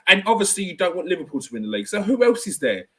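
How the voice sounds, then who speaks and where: A man's voice: high voice, very animated, rapid-fire, fairly bright tone. A man hosting a casual football reaction chat, talking in an opinionated, ranty way. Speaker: fan channel host.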